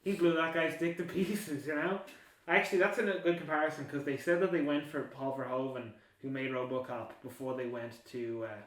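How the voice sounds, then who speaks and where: A man's voice: a little high, fairly even intonation, brisk, a bit bright, recorded from a distance. A man hosting a casual film podcast, rambling and laughing as he talks. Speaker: podcast host. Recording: echoey room, off-mic.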